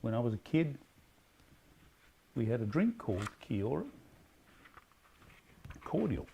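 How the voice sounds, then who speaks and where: A man with an Australian accent hosting a casual pub quiz, reading questions slowly and emphatically, then rambling and correcting himself. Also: mid-range voice, very animated, creaky, dark tone, slight background noise. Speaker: quiz host.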